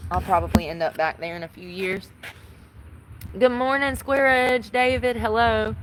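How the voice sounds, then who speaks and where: A woman's voice: a little high, normal speed, a little hiss or hum, rough recording. A woman chatting bluntly and fiercely to her livestream viewers, sounding worn out. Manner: blunt, fiery, talks back to chat. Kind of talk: casual livestream chat.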